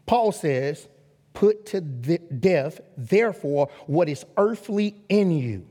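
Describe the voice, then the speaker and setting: A man preaching a sermon as a guest pastor, emphatic and calling for responses from the congregation, rising to loud exhortation. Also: fairly high pitch, lively intonation, slow. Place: church sanctuary. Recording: long reverb of a large hall.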